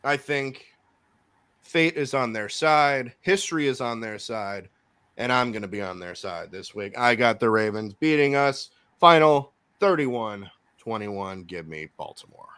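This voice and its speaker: A man hosting a casual podcast, giving his football picks and swinging between loud remarks and muttered asides. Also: medium pitch, lively intonation, measured pace, smooth. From Miami Dolphins fan. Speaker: podcast host. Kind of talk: casual sports picks chat.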